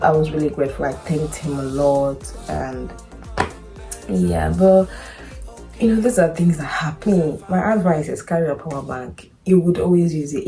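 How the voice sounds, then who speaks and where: Woman from Nigeria, low voice, earnest chatty advice, repeats herself, faint music behind. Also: dark tone. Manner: chatty, earnest, full of "you know" and repeats. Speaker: international nurse, vlogger. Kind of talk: casual storytelling and advice.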